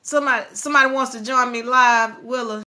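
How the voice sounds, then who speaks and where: Bright-voiced woman hosting a live stream. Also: on the high side, quick pace. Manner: animated, preachy, addresses viewers directly. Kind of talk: motivational live stream talk.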